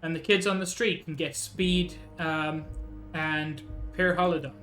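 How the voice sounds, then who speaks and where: Man doing a smug scheming union boss, slow persuasive put-on accent, lower than his own voice. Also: fairly even intonation, a bit bright, faint music behind. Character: scheming jovial middle-aged male union boss.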